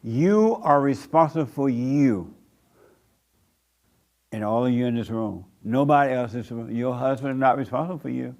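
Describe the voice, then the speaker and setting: Blunt preaching man, even pitch. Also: normal speed, lo-fi sound. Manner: blunt, repetitive preaching with rhetorical questions. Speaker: pastor. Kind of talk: sermon. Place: church room with an audience.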